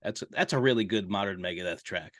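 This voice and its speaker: A man co-hosting a casual chat who mostly adds short agreeing comments. His voice sits low for a man. He talks quickly. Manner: brief agreeing remarks. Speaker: co-host.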